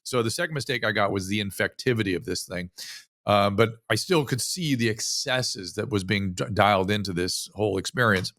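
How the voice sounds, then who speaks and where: A physician from the United States speaking as an interview guest, telling a story animatedly with frequent restarts. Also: male voice, lowish voice, brisk, a bit bright, dry recording, studio quality. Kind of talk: casual interview conversation.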